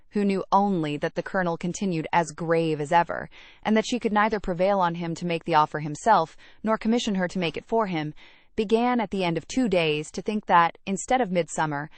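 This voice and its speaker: A woman narrating a classic novel aloud in a measured, even reading. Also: on the low side, dry recording. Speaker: audiobook narrator. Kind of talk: scripted narration.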